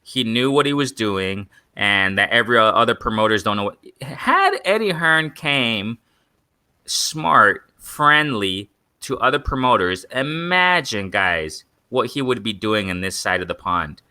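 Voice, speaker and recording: Man rambling excitedly on a live stream. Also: on the low side, a little slow, clean tone, no echo. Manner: rambling, repetitive, addresses viewers as guys. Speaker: boxing channel host. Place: in Mexico.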